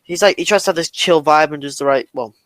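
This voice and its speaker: A man's voice: fairly high pitch, fast, a bit bright, no echo. A British man chatting casually as a podcast co-host and story reader, easygoing and talkative. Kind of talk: casual chat.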